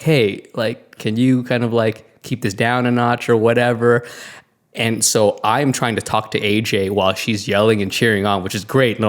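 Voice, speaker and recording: A man co-hosting a podcast, telling a story in casual chat, laughing and acting out the voices of the people in it. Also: medium pitch. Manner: animated, laughing, acts out quotes. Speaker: podcast co-host.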